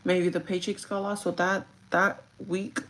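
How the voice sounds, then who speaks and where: A young woman vlogger casually telling a story from her job, animated, acting out the quotes and swearing freely. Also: fairly low pitch, unhurried.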